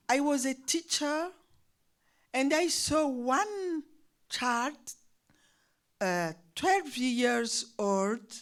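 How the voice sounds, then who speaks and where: Older woman, guest speaker; slow, lively-pitched, halting delivery with restarts. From Burundi. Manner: halting, restarts words, nonstandard phrasing. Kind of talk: personal testimony.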